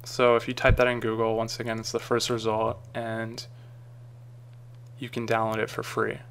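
A man talking through a screen-recorded software tutorial in a casual, rambling way with frequent ums and uhs. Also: medium pitch, completely flat delivery, normal speed, slight background noise. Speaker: tutorial maker.

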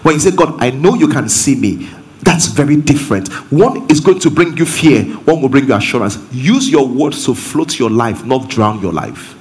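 A man's voice: medium pitch, normal speed, hardly any pauses. A man with a Nigerian accent, a pastor giving an interactive sermon that climbs into emphatic preaching. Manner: lively, rising to emphatic preaching.

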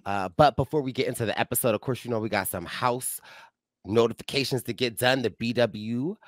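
A man's voice: medium pitch, a little fast, dry recording, clean studio sound. A man hosting a casual podcast chat, hyped and playful with lots of slang. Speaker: podcast host.

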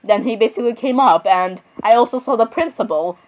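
A woman's voice: fairly high pitch, lively intonation, a little fast, a little mellow, muffled recording. A woman giving casual let's-play commentary on a horror game. She is chatty, giggles often, apologizes a lot and talks to the game characters. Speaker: gamer playing a horror game.

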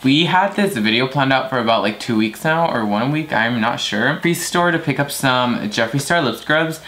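A man's voice: mid-range voice, expressive, moderate pace, pushed and bright. A young man chatting casually as host of his own vlog, unfiltered and swearing now and then. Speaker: vlogger. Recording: noisy home video.

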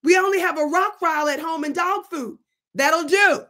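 A woman doing a shrill frantic young mother. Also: moderate pace, fairly bright tone. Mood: relieved.

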